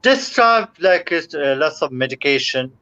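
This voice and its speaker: A man from Mauritius speaks as a guest over a video call, pausing and searching for his words. The line sounds muffled and lo-fi, and his voice is bright and slightly high for a man. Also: sing-song. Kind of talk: casual video-call interview.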